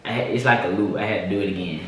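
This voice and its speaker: A man's voice: low voice, very fast. A young man, a vlogger, telling a story casually with lots of fillers and restarts. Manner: relaxed, repeats himself, lots of fillers. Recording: echoey room, mic at a distance, faint noise.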